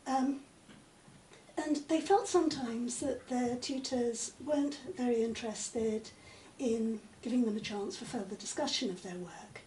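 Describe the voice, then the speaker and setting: A literature professor, a woman with a high, mellow voice, is being interviewed conversationally. She speaks in a measured, articulate way with many "um" pauses, and the distant mic in an echoey room picks up faint noise.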